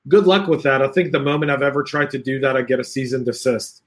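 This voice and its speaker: A man's voice: medium pitch, quick pace, background noise. A man hosting a live video-call stream, reading viewer comments aloud and acting out the quoted voices with a laugh. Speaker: podcast host.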